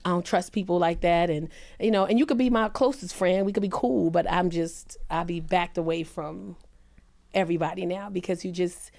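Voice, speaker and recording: A woman comedian on a podcast, telling a personal story earnestly and emphatically, her pitch rising when she quotes people. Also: fairly even intonation, normal speed, gravelly, a little mellow. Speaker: comedian guest.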